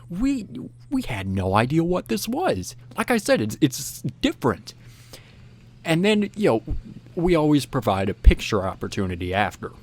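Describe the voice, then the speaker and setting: A man casually recounting a story, rambling with many restarts and filler phrases, animated as he goes. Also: medium pitch. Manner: rambling, frequent restarts and "you know"; animated, acts out whispered quotes.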